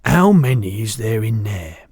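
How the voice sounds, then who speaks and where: A man voicing a huge, kindly, soft-hearted old male giant in a storybook reading, speaking slowly and loudly in mangled grammar. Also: fairly low pitch, big pitch swings, husky, no room sound, studio quality, heavily acted. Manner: mangled grammar, slow and loud.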